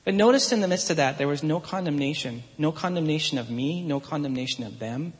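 A man in his thirties giving a relaxed, earnest sermon in a conversational, story-telling way. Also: fairly high pitch, fairly quick. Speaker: pastor. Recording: long reverb from a large hall.

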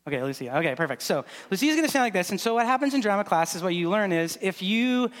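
Pastor guy chatting his way thru a sermon, kinda high voice, big hall echo. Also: big pitch swings, quick pace, fairly bright tone. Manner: conversational, loose and filler-heavy. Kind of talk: casual sermon with live demonstration. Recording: long hall reverb.

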